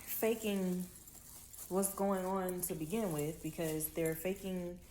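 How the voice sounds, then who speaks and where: A woman's voice: fairly low pitch, a little hiss or hum. A woman from Miami with a Miami accent, ranting bluntly and with lots of swearing in a casual monologue. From Miami, Florida. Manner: blunt, profane, animated storytelling with drawn-out words. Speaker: vlogger.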